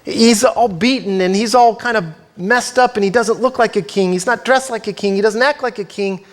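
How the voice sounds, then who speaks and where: A preacher putting on a scoffing Roman governor. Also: male voice, sits high, normal speed, pitched above the performer's own voice, close to an everyday voice. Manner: mocking, disbelieving.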